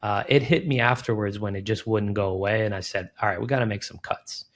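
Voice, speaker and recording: A man's voice: lowish voice, brisk. A middle-aged man, a business founder in an interview, chatting casually and acting out quoted dialogue with lots of "man" and "like". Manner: animated storyteller, acts out quoted dialogue, frequent "man" and "like". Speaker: recruiting firm founder, guest.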